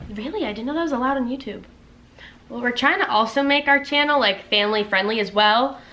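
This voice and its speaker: A woman's voice: on the high side, fairly quick, bright, forceful tone. A woman in her twenties chatting casually at home as a vlogger, filling her talk with filler words. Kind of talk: casual couple chat. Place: home, with a pet dog.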